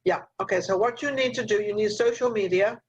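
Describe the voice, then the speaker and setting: A woman's voice: mid-range voice, fairly quick, slightly rough, dull audio. An older woman hosting a talk show over a video call, giving rambling, motherly advice with lots of fillers. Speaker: host.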